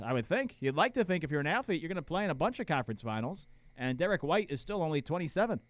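Male sports talk host, riffs on call-in clips, highly expressive, slightly high voice, dry close mic. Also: dry recording. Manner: animated, incredulous, rambling. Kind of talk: casual sports commentary.

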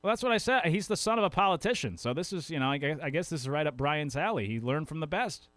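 A man's voice: on the high side, lively intonation, fast talker, a bit bright, no echo. A man hosting a sports talk show in a casual, rambling way, often correcting himself mid-sentence. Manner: chatty, rambling, self-correcting.

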